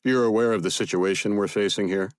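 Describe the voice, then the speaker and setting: Man voicing sergeant major, firm, businesslike, insistent, low voice. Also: steady tone, a little fast, dry recording, clean studio sound, close to an everyday voice. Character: blunt American command sergeant major, pushy.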